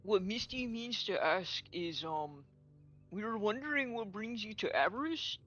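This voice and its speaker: A woman's voice: medium pitch, animated, measured pace, fairly bright tone, lo-fi sound, soft background music. A woman player speaking in character in a tabletop game, friendly and casual with some hesitation.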